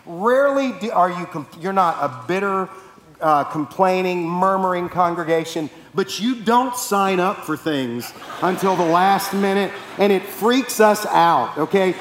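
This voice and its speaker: A man's voice: high voice, animated, unhurried, a bit bright, long reverb tail, slight background noise. A man preaching to his church, telling a humorous story in a rambling, self-correcting way. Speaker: pastor. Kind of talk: sermon announcements and anecdote. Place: church sanctuary.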